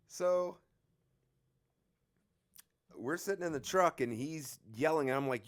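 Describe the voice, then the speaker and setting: A man's voice: medium pitch, lively intonation, unhurried, long pauses, dry recording, clean studio sound. A young man casually telling a story about himself, swearing often and laughing at himself. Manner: profane, rambling, laughs at himself. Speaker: vlogger.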